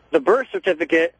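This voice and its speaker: A man calling in to a radio talk show over a muffled cell phone, speaking haltingly with many fillers. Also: a little high, a bit bright, slightly rough, no room sound. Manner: hesitant, halting, lots of fillers. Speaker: caller.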